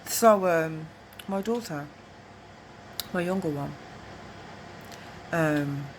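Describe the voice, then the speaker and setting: A woman's voice: sits low, extremely slow, noisy background. A middle-aged woman, telling rambling personal stories to camera, digressive and chatty, often asking "you know what I mean?". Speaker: vlogger.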